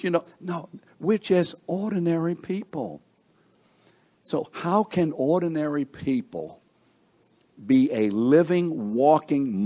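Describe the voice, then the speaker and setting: A middle-aged man preaching a sermon at an unhurried, deliberate pace. He leans on words with sudden lifts and drops in pitch and volume. He keeps putting rhetorical questions to his listeners. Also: darkish tone. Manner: slow, emphatic preaching with wide swings in pitch and volume; asks the congregation rhetorical questions.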